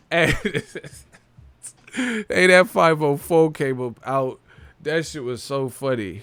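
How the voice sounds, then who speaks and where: A man's voice: a little high, extremely slow, pauses often, clear, resonant tone, no echo. A man hosting a boxing show, talking in loose slangy commentary, swearing and laughing a lot. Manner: animated, profane, slangy, laughs often. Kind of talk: casual sports commentary.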